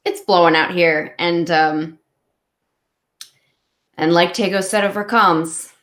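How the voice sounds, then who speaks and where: A woman's voice: on the low side, slow, fairly bright tone. A woman player in a tabletop role-play, describing her character's actions thoughtfully with frequent hesitations. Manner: thoughtful, hesitant with many ums.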